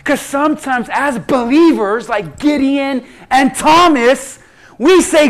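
A male pastor delivers a sermon with a very high voice and a slow, unhurried pace. He acts out prayers and scripture figures in quoted speech. His delivery swings from loud pleading to hushed asides.

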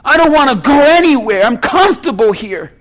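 A man preaching a sermon as pastor, slow and emphatic, asking the congregation rhetorical questions. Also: extremely high pitch, sing-song, fairly bright tone.

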